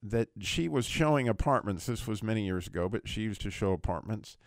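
Speaking a little fast in a fairly low voice, a middle-aged man retells a dramatic testimony in easygoing conversation as host of a radio prayer program. He's a lively storyteller, his voice springing upward at the emotional peaks. The studio-quality audio has no room sound.

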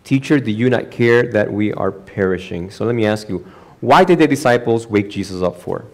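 A man who is the pastor, preaching a sermon in a church with lively acted-out quotes and sudden jumps in pitch and volume. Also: moderate pace. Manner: animated preaching, acts out quoted voices with big pitch jumps.

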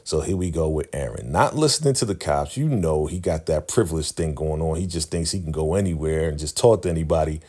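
Male recap host, deep voice, chatty and casual. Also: a little fast, hardly any pauses. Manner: chatty, animated storytelling.

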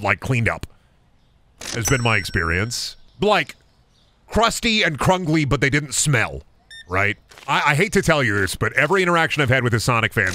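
A man's voice: medium pitch, pushed and bright, a little hiss or hum. A man streaming a game and telling rambling, jokey stories in casual chat, swearing freely. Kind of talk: casual gameplay chat and storytelling.

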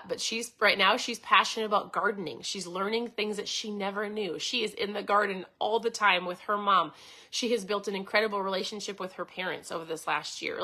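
A woman's voice: mid-range voice, bright, forceful tone. A woman hosting a podcast in a casual monologue, chatty, often tagging "right?" onto her sentences and reading aloud from a book. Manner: chatty, with frequent tag questions. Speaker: podcast host.

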